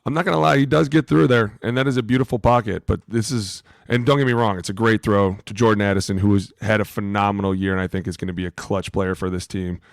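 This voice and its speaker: Gravelly man bantering on a podcast. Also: fairly low pitch, steady tone, fast, few pauses, dry recording, clean studio sound. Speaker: podcast co-host, former lineman. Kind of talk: casual sports podcast chat.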